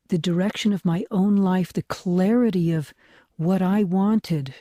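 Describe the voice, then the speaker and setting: An older man, a rabbi, telling a personal spiritual story in a soft, reflective way, often dropping to a hushed whisper. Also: sits high, no echo, studio quality. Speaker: rabbi teaching.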